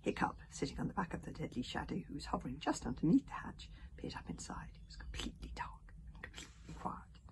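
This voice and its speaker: A woman's voice: deep voice, very animated, quick pace, gravelly. Woman in a whispered storybook reading. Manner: adds her own asides to the story. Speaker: reader.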